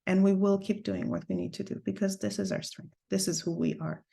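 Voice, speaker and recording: A woman teaching an online class over a video call, telling a personal story earnestly and with deep feeling. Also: steady tone, a little fast, creaky, warm tone. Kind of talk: heartfelt personal talk to a class.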